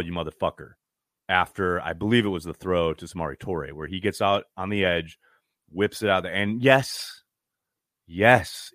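A man hosting a podcast, chatting casually and reading viewer messages, animated and profane when ranting. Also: medium pitch, no echo, studio quality. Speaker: podcast host. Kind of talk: casual live-stream chat reading super chats.

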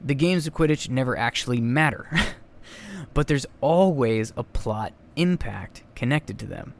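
A man's voice: medium pitch, lively intonation, measured pace, vocal fry. A young adult man hosting a solo podcast, talking in a chatty, rambling way with many asides and self-corrections. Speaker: podcast host. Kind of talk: casual solo podcast commentary.

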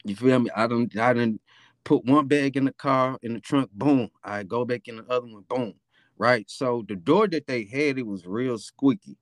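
A man's voice: medium pitch, normal speed, dry recording, clean studio sound. A young man with a Memphis accent, casually telling a profane, rambling story as a podcast host. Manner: laid-back, profane, rambling with fillers.

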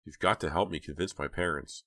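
A man's voice: a bass voice, brisk, vocal fry, sharp tone, dry recording, clean studio sound, exaggerated voice. A man voicing an anxious teenage girl who pleads in a desperate, tearful way. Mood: pleading.

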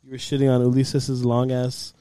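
A man's voice: mid-range voice, completely flat delivery, moderate pace, mellow, clean tone, no echo. A man hosting a podcast in casual chat, rambling through funny stories and laughing often. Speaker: podcast host.

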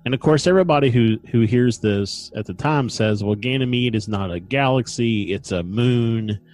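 A man's voice: medium pitch, moderate pace, darkish tone, faint music behind. A man hosting a casual podcast, recounting events with dry humor and frequent fillers. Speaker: podcast host. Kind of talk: casual chat and storytelling.

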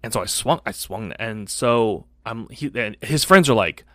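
A man in his forties, a podcast co-host telling a story in casual chat, animated, swearing freely and acting out voices. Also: fairly low pitch, moderate pace, no room sound, studio quality.

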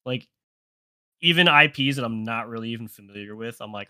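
A man's voice: mid-range voice, brisk, pushed and bright, smooth, no room sound. A man co-hosting a podcast in casual chat, blunt and rambling with plenty of swearing. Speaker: podcast co-host.

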